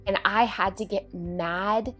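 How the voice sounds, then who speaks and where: A woman's voice: mid-range voice, fairly even intonation, takes it slowly, a bit bright, soft background music. A woman hosting a home organizing video, talking to viewers in an earnest, chatty way. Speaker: home organizing channel host. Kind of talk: casual chat.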